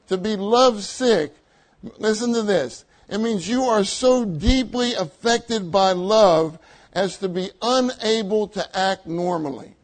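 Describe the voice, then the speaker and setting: A man's voice: high-pitched, rough recording. An older man preaching a sermon to a meeting, emphatic, repeating his key phrases and laughing lightly between points.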